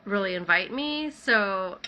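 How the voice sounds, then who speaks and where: A woman's voice: mid-range voice, lively intonation, takes it slowly, dull audio, a little hiss or hum. A woman casually telling her own story in the first person, talking in a loose, conversational way full of "like". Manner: conversational, many "like" fillers.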